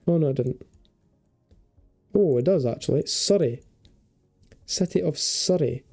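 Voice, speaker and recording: A man's voice: a little high, measured pace, vocal fry, darkish tone, breathy edge, faint music behind. A young man giving chatty, casual commentary while playing a geography game, thinking aloud and swearing and joking freely. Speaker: gaming video creator.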